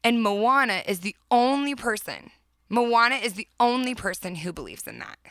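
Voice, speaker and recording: Bright earnest woman podcast host. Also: on the high side, lively intonation, normal speed, no echo. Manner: earnest, emphatic, often laughing. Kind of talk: motivational podcast talk.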